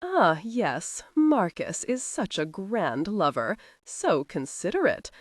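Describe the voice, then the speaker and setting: A woman's voice: mid-range voice, big pitch swings, slow, no echo, clean studio sound. A woman voicing a witty young noblewoman who talks in a sweetly sarcastic, mock-guilty way.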